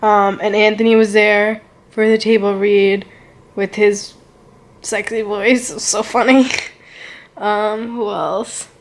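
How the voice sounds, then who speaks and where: A woman's voice: mid-range voice, flat delivery, slow pace, a little hiss or hum. A young woman telling a casual storytime vlog, gushing and rambling, with lots of "like" and "so good". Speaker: vlogger.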